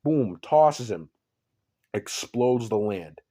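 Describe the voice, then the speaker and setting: Man, casual storyteller, slow, low, mellow tone, profane, rambling. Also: lively intonation. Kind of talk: casual improvised fan-fiction storytelling.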